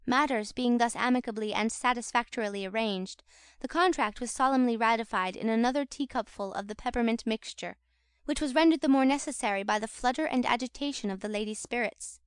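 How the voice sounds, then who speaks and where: A woman narrating an audiobook of a classic novel in a measured, expressive reading voice. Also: on the high side, clean tone, dry recording, studio quality. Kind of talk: scripted literary narration.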